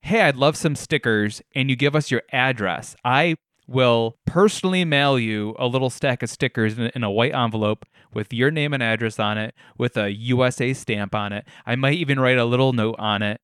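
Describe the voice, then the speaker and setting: Man, young adult, podcast host, wry self-deprecating storyteller, middle pitch, dry close sound. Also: moderate pace, a bit bright, clear, resonant tone, no room sound. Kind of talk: casual solo podcast chat. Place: living room.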